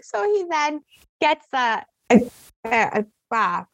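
A woman co-hosting a casual chat, telling a story in a rambling, animated way with many fillers and restarts. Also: on the high side, unhurried, dry recording.

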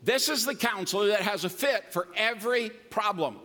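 Older man, pastor's sermon, high bright voice, long hall echo. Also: animated, moderate pace. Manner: folksy, emphatic preaching with humor. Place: church sanctuary. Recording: long reverb of a large hall.

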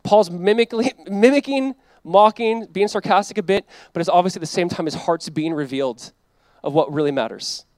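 A man in his thirties preaching a sermon as pastor, animated and emphatic, acting out quoted voices. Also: sits high, a little fast, no echo.

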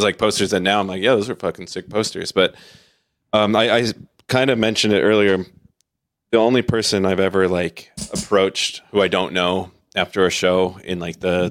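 A man with a very low voice tells tour stories in a relaxed, rambling way, full of fillers and false starts. He acts out the people he quotes. The sound is dry and close. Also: no echo. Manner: rambling, many fillers and restarts, animated quoting. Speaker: podcast guest, metal vocalist. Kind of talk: casual chat, storytelling.

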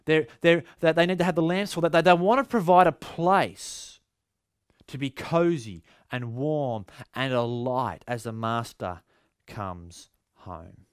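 A man's voice: medium pitch, unhurried, clear, resonant tone, dry recording, studio quality. A male pastor with an Australian accent, giving a sermon in a conversational, storytelling way with frequent restarts.

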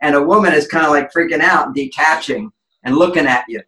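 As an interview guest, a man lectures emphatically and briskly on relationships, his voice bright and fairly high for a man. He occasionally acts out quoted voices while explaining. The room is echoey.

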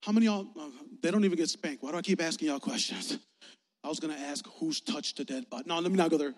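A man preaching a lively, joking youth sermon in slangy talk, acting out little voices as he tells stories. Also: a little high. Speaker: youth pastor. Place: church sanctuary. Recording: long reverb of a church sanctuary.

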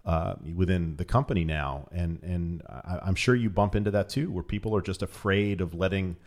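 Deep-voiced man hosting a podcast. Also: moderate pace, darkish tone. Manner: conversational, encouraging interviewer. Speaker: podcast host. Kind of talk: podcast interview conversation.

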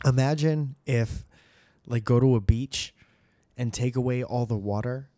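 A man's voice: medium pitch, a little slow, warm tone, dry recording. A man co-hosting a podcast, chatting casually in a joking, rambling way. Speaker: podcast co-host. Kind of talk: casual chat.

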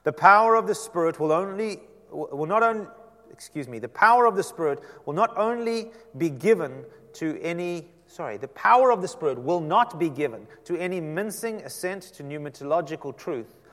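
A man preaching a sermon to a seated congregation, swinging from loud emphasis down to a soft near-whisper. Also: fairly high pitch, animated, moderate pace. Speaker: pastor. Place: church sanctuary. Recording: long hall reverb.

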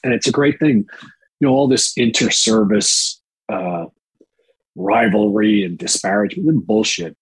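A man's voice: lowish voice, very animated, moderate pace, creaky, husky, no echo, low-quality recording. A man telling candid, rambling anecdotes in a casual interview, profane and full of fillers, on a close mic. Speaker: actor and guest.

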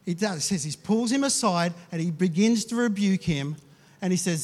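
A man's voice: sits high, normal speed. A man preaching a sermon as pastor, talking conversationally and acting out the people in the story. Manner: conversational, with restarts and acted quotes. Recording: long hall reverb.

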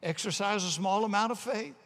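A male pastor preaching a sermon, telling stories and shifting between loud and hushed delivery. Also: sits high, fairly quick, long reverb tail.

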